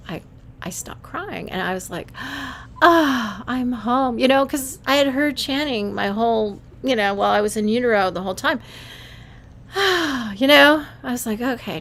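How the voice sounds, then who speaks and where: Bright, animated woman livestreamer. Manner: animated, breaks into high squeals when quoting herself, frequent laughs and restarts. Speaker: livestream host. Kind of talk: casual monologue.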